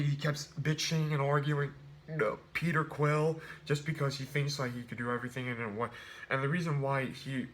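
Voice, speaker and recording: A man's voice: mid-range voice, a bit bright, a little hiss or hum. A man casually reviewing a film, rambling with many restarts and fillers. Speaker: movie reviewer.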